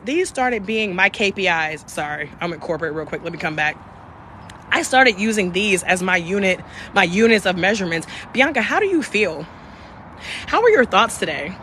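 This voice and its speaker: A woman's voice: on the high side, slight background noise. A young woman hosting a live stream, talking candidly and passionately with plenty of profanity. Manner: candid and profane, emphatic, shifts between passion and softness. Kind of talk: casual live-stream talk.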